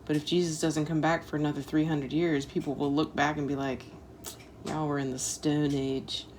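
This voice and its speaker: Mom reading a history lesson out loud, chatty asides, kinda low voice, bit of background hiss. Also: female voice, level tone, moderate pace. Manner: casual asides with fillers like "like" and "um". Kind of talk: reading aloud and explaining to a child.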